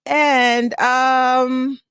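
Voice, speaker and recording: A woman's voice: high-pitched, very slow, clean tone, no room sound. Chatty woman hosting a fan live stream. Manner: chatty and excitable, greets viewers by name, laughs often. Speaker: fan channel host. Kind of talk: casual live stream chat. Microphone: desk microphone.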